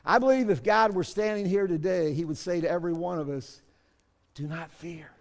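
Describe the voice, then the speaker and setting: High-voiced preaching man in a reverberant hall. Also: fast talker, creaky. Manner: preaching, swings from soft asides to shouts. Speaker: pastor. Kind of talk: sermon.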